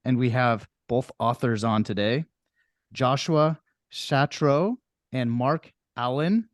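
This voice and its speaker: A man's voice: mid-range voice, slow, no room sound. Man, podcast host, casual announcements, plenty of fillers, dry close sound. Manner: loose, filler-heavy announcements.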